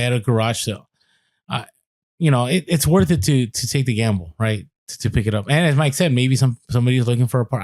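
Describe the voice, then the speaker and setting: A man co-hosting a podcast in casual chat, talking in a chatty way with many fillers and restarts. His voice sits at a middling pitch and is recorded close and dry, with no room sound. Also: a little mellow, dry recording. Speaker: podcast co-host.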